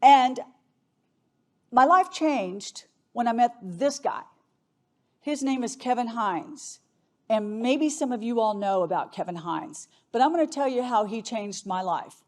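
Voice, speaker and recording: A woman's voice: on the high side, animated, measured pace. A middle-aged woman attorney giving an earnest conference talk, telling a story and shifting her pace and volume for emphasis. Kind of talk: emotional keynote storytelling.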